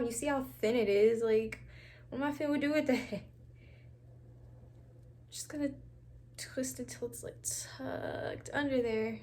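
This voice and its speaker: A young woman with a high voice chats casually through a braid-styling tutorial at home, calling viewers "girl" and "y'all" and laughing often. While twisting hair, she sometimes drops to a near whisper.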